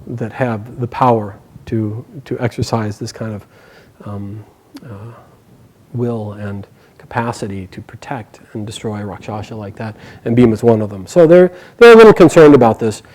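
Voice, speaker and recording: A man telling a myth aloud to a live group, animated and chuckling along with the story. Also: mid-range voice, low-quality recording.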